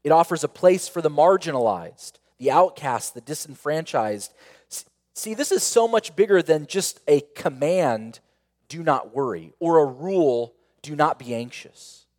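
A man pastor preaching a sermon, earnest, with rhetorical questions and repeated phrases, swelling to emphatic peaks and then falling quiet and intimate. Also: fairly high pitch, expressive, a little slow, in a large hall.

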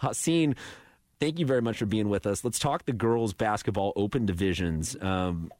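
A man's voice: fairly low pitch, normal speed, a little mellow. A man in his twenties hosting a sports radio show in a studio, chatty and self-deprecating. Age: 20s.

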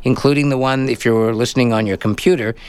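A man's voice: medium pitch, steady tone, fast talker, darkish tone, clear, resonant tone. A man hosting a radio tech show, explaining things in a casual, chatty way. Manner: chatty, explaining, repeats words when searching. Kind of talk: casual on-air chat.

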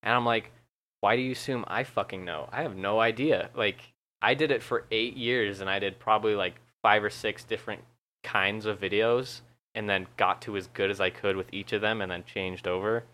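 Laid-back young man, bright tone. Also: lowish voice, fairly even intonation, moderate pace. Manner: laid-back, swears often, self-deprecating laughs. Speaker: YouTuber and podcast guest. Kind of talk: casual podcast chat.

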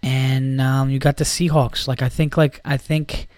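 A man's voice: medium pitch, flat delivery, unhurried, darkish tone, clear, resonant tone, dry recording. A man hosting a podcast, ranting about football in a heated, profane, rambling way. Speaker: podcast host. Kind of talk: casual sports rant.

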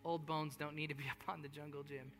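High bright-voiced preacher man, hall reverb. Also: little pitch movement, fairly quick. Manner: earnest, repetitive, swinging between hushed and rising passages. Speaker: pastor. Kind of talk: sermon. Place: large church hall. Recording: long hall reverb with faint music.

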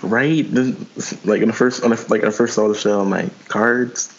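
A man's voice: lowish voice, fairly quick, creaky. A man guest-hosting a casual podcast, talking hesitantly with lots of restarts. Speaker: guest co-host. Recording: dull lo-fi sound.

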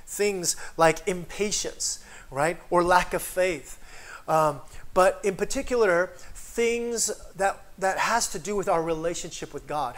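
A man's voice: fairly high pitch, fairly bright tone. A man preaching a sermon in a conversational way, often checking in with "right?" and building to emphatic declarations.

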